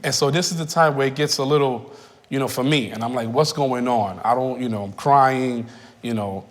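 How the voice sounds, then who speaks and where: A man in his thirties giving personal testimony in a reflective, halting way, often repeating phrases. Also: mid-range voice, steady tone. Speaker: interviewee. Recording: reverberant room.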